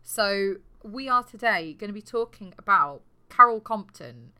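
A woman's voice: mid-range voice, lively intonation, unhurried, pushed and bright, clear, resonant tone. A woman co-hosting a podcast, telling a true crime story in a casual, sweary, jokey way. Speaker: podcast co-host.

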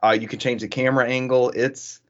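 A man in casual podcast chat, relaxed and loose, talking at a medium pitch. The sound is a little dull and muffled. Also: fairly quick. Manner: relaxed, loose, swears freely. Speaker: podcast host.

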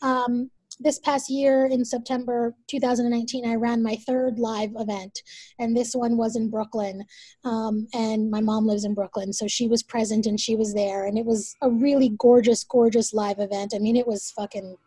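A woman in her forties telling a personal story as a guest, emphatic and animated, swearing freely. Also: on the high side, moderate pace, slightly rough, no echo. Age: 40s. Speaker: guest, event leader.

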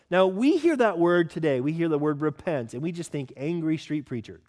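A man preaching a sermon as pastor, earnest and teaching, asking the congregation questions and slowing down to stress scripture. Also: fairly high pitch, a little mellow. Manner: stresses key words, slows down for scripture.

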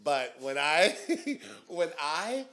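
A young man chatting on a podcast, his voice bright and forward. He tells his stories with animated energy, laughing often and swearing freely. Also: on the high side, very slow, vocal fry. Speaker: drag queen guest. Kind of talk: casual podcast chat.

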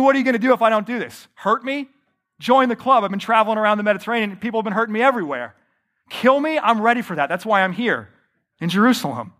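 A man's voice: extremely high pitch, a bit bright, voice pushed up. A preacher acting out an exasperated, defiant man. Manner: indignant, rapid-fire rhetorical questions. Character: exasperated male apostle, fed up and defiant.

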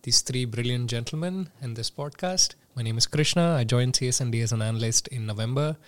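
A man's voice: mid-range voice, brisk. A man from southeast India, a guest on a podcast, explaining politely and thinking aloud. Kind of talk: conversational explanation.

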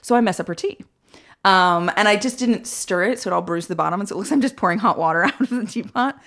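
A woman guest on a podcast, telling stories in a casual, animated way, acting out quoted voices and often laughing. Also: mid-range voice, fast. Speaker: guest, film director. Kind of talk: casual podcast interview storytelling.

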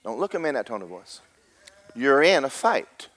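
A middle-aged man preaching a sermon as pastor, rising to a loud rhythmic peak and slipping in joking asides to the congregation. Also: mid-range voice, big pitch swings, moderate pace.

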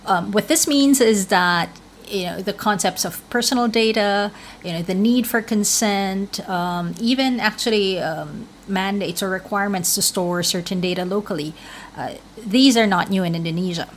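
A woman correspondent answers questions over a remote link in an explanatory way, dropping in frequent fillers. Her voice sits at an average pitch, with a faint background noise behind it. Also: moderate pace. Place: remote link from another city.

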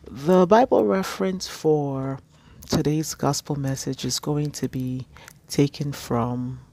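A man giving a weekly gospel message as a preacher, deliberately comparing scripture passages. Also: medium pitch, creaky, a little mellow.

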